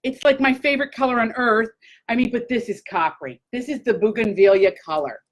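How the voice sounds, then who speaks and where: Bubbly woman host on a casual live stream, pitched a little high, gushes and hypes up her viewers. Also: brisk, rough recording. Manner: gushing, excitable, talks to viewers.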